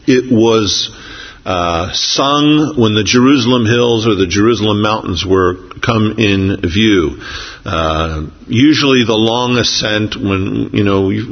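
A man preaching a sermon as pastor, unhurried and pausing with fillers, reading scripture slowly. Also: low-pitched, gravelly, breathy edge, in a large hall, highs cut off.

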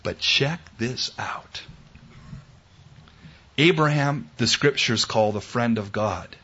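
A man preaching a sermon, swinging from loud exclamations to hushed, tender quoted words. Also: medium pitch, expressive, slow pace, slightly rough. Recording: dull lo-fi recording.

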